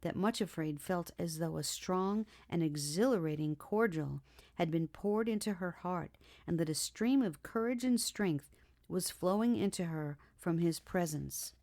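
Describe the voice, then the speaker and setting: A woman narrating an audiobook in a measured, expressive reading. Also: fairly low pitch.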